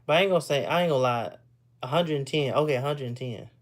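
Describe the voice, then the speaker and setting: A Texan man chats casually with viewers on a live stream, speaking quickly in a mid-range voice. He rambles loosely, repeats words, and laughs often.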